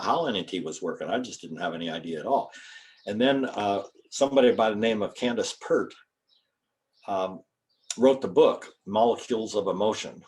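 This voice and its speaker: A man's voice: lowish voice, a little mellow. An older man, a chiropractor, giving an informal lecture to students in a folksy, rambling way and spelling out terms. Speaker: guest speaker, chiropractor.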